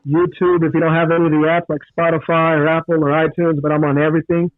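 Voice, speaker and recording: A man's voice: a little high, little pitch movement, fast talker, no echo. A man guesting on a podcast, talking earnestly in a casual chat. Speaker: guest rapper. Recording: tinny phone line.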